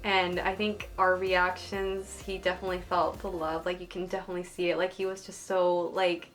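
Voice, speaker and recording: A young adult woman vlogging casually about an exciting experience, gushing and giggling, with lots of "like" fillers. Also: fairly low pitch, normal speed, faint music behind. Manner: gushing, giggly, heavy use of "like".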